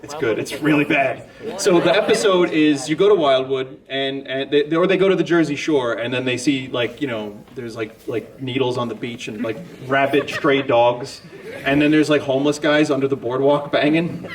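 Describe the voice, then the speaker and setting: In a big convention hall full of people, a distant microphone records a man with a mid-range voice speaking at a moderate pace. He's on a comedy panel, fielding audience questions with rambling, self-deprecating humor.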